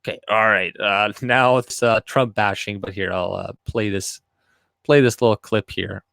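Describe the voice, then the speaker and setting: Dude running a livestream, low voice, dry close sound, rambly and swears a lot. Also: male voice, steady tone, measured pace, gravelly, a bit bright, dry recording. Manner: rambling, profane, with frequent restarts. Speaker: livestream host. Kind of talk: casual livestream commentary.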